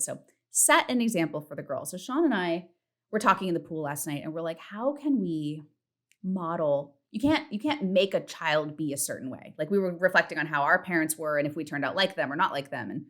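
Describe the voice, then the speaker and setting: A woman in her thirties hosting a casual solo podcast from home, chatty and candid, swearing freely and acting out her self-talk in a high voice. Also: fairly bright tone. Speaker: podcast host. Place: home, partner in the next room.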